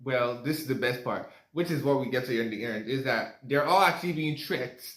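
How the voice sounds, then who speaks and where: A man's voice: medium pitch, fairly quick, a bit bright. Young man, casual movie review, rambling and chatty, echoey room. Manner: rambling, chatty, lots of fillers and asides.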